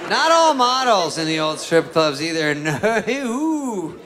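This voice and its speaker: A man's voice: high-pitched, big pitch swings, slow pace, a crowd in the background. Male stand-up comic, crude and self-mocking, live club audience and noise. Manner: crude, self-mocking storytelling that acts out both sides. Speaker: stand-up comedian. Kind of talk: crude stand-up comedy set. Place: comedy club stage. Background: audience laughter.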